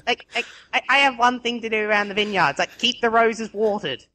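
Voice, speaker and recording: A woman's voice: a little high, a little fast, bright, forceful tone. A woman with an Australian accent, co-hosting a casual podcast chat, blunt and swearing freely as she tells her stories. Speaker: co-host.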